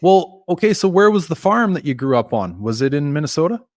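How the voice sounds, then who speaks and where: A man's voice: a little high, sing-song, fairly quick, no room sound, clean studio sound. A man from Canada hosting a podcast, laid-back and chuckling, swearing casually. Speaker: podcast host. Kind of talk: casual chat.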